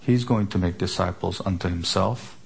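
A man preaching an expository sermon, emphatic, asking rhetorical questions and slowing down on key words. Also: low-pitched, vocal fry, breathy edge. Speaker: pastor.

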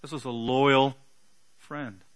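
A man preaching an earnest sermon, teaching with emphatic pauses and the odd filler. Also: medium pitch, steady tone. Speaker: pastor.

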